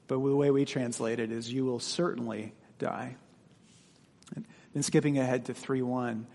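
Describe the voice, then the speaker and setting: A man's voice: medium pitch, fairly even intonation, moderate pace, gravelly, warm tone. A male pastor reading scripture aloud and explaining it in a plain, conversational way during a sermon. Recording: long hall reverb.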